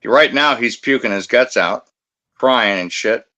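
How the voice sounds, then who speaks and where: Blunt, bright-voiced man in his fifties. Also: medium pitch, measured pace. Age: 50s. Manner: blunt, profane, combative. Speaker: security guard. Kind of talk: casual storytelling on a talk show.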